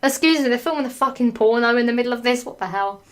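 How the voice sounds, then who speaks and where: A woman with a slightly high voice reads a story aloud for laughs. She keeps breaking off into dry, sarcastic remarks, swearing freely and mocking the text as she goes. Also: quick pace, background noise. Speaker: reader of a fan fiction. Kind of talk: comic reading with sarcastic asides.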